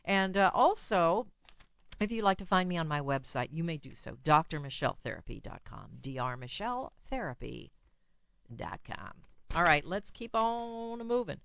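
A woman hosting a call-in radio show as a psychologist, giving blunt, animated advice and laughing at her own remarks. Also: on the low side, moderate pace, vocal fry, clear, resonant tone, no echo, dull audio.

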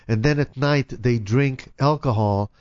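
A man's voice: medium pitch, unhurried, a little mellow, no room sound. Laid-back man chatting on a dry mic. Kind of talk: casual chat. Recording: dull lo-fi dry recording.

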